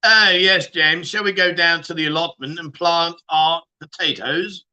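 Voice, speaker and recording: A man voicing a posh upper-class English gentleman in a put-on posh English accent. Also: on the high side, fairly even intonation, unhurried, clear, resonant tone, poor audio. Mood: genteel.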